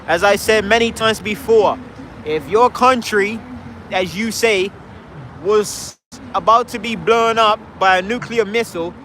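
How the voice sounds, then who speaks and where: A man's voice: high voice, a bit bright, a little hiss or hum. A man giving a heated, rhetorical street speech outdoors, challenging the crowd. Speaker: street speaker. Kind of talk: impassioned street debate speech. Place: outdoors in a city park.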